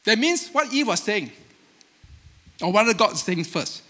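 A man with a high, bright voice and Asian-accented English preaches a sermon, animated and emphatic yet a little slow. He acts out the voices he quotes with sharp bursts of emphasis, and a large hall's long reverb rings around him.

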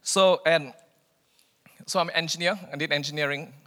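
Animated man giving a bright testimony. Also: a little high, normal speed, big-room sound. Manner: animated storytelling, acts out dialogue. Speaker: speaker sharing testimony. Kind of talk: personal faith testimony.

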